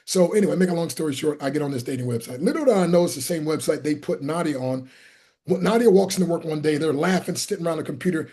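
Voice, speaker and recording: Husky-voiced animated storyteller man. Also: fast talker. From Pennsylvania. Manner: animated, acts out quoted people with big pitch jumps. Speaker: guest, motivational speaker and evangelist. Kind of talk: storytelling in an interview.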